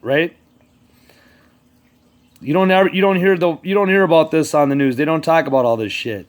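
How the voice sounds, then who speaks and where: A man's voice: fairly high pitch, moderate pace. A man ranting casually to his channel's viewers, rambling and swearing as he talks straight to politicians who aren't there. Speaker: vlogger. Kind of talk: casual rant to camera.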